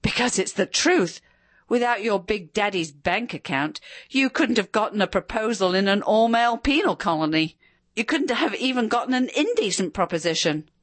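A bitter, scornful husband who sneers and mocks, his lines rising and falling with lively pitch, as a woman reading a story puts him on. The voice sits close and dry. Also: moderate pace, dry recording, lightly acted. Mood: raging. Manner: sneering, sarcastic.

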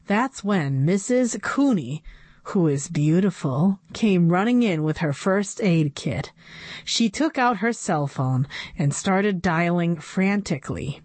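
Give me a woman narrating a children's book, slow and animated. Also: on the low side, no echo. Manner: animated, expressive reading. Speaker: storyteller. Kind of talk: reading a children's book aloud.

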